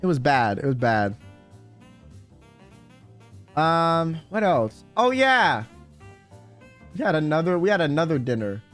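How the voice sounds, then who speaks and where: A man's voice: a little high, sing-song, slow, pauses often, fairly bright tone, soft background music. A young man streaming, telling a story in casual chat, swearing, laughing and saying bro a lot. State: sore throat.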